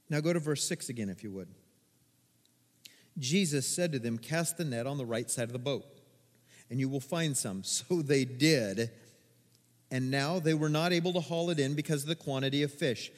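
A male pastor preaching a sermon, moving from loud, emphatic bursts to quiet, low asides. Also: big-room sound. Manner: dynamic, swings between loud emphatic and quiet. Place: church sanctuary.

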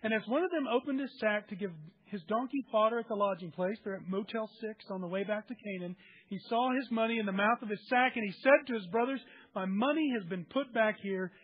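A man's voice: high-pitched, fast, phone-quality sound. A man preaching a sermon, reading scripture aloud and explaining it with everyday examples. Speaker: pastor.

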